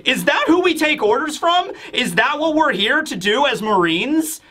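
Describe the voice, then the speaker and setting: A man's voice: very high-pitched, lively intonation, normal speed, pushed and bright, pitched above the performer's own voice, exaggerated voice. A man voicing a stern male navy admiral who rouses his officers in a raised, indignant tone.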